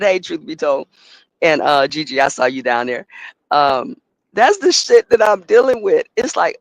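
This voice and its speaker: Man, trucking company owner, gravelly voice on the high side, animated profane storyteller, dry close recording. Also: moderate pace, no room sound. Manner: animated, profane, acts out both sides of a phone call. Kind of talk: casual storytelling to a live audience.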